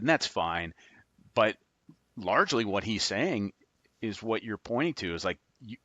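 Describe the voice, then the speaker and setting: Animated man telling stories, dry close sound. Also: lowish voice, no room sound. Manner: animated storyteller, laughs often, acts out dialogue. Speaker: guest, former FBI agent. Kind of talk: storytelling in a podcast interview.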